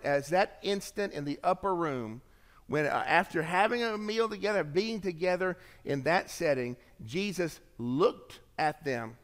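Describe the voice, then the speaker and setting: A man preaching a sermon as pastor, swinging from emphatic lines to hushed, low endings. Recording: long reverb of a large hall.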